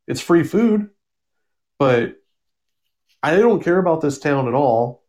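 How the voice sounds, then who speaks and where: A man's voice: fairly high pitch, expressive, takes it slowly, a little mellow. A man voicing a lazy, easygoing male dragon in a casual, offhand way while retelling a comic.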